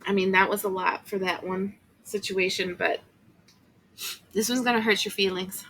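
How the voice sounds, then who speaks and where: Bright-voiced woman giving a chatty tarot reading. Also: mid-range voice, steady tone, moderate pace, creaky, a little hiss or hum, rough recording. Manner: chatty, emotional, many fillers and asides. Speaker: tarot reader.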